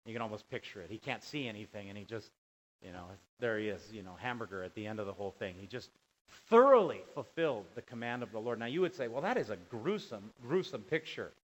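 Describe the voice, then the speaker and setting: A man's voice: lowish voice, quick pace, poor audio. A middle-aged male pastor preaching a sermon, his voice climbing and falling for emphasis. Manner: animated preaching, voice rising and dropping for emphasis.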